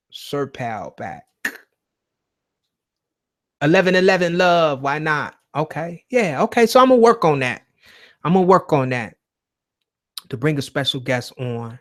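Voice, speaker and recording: A man's voice: a little high, fairly bright tone. A man hosting a live call-in show from home, talking in a casual, rambling and profane way. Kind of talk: casual livestream talk.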